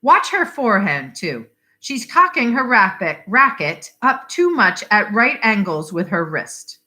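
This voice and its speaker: Woman putting on a loud pompous Englishman. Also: medium pitch, sing-song, unhurried. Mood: blustery. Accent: put-on English. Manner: loud, know-it-all. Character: pompous talkative Englishman, middle-aged man.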